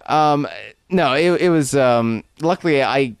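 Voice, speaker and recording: A man's voice: on the high side, unhurried, clean tone, no room sound, studio quality. A man co-hosting a podcast, recounting events in a rambling, joking casual chat. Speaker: podcast co-host.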